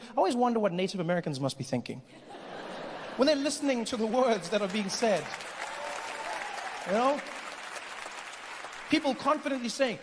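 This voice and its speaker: A man's voice: high voice, quick pace, pauses often, a faint crowd. Man doing stand-up in a big hall. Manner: animated, acts out characters with shifting voices. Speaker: stand-up comedian. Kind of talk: stand-up comedy routine. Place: large theater with live audience. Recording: live hall recording with audience.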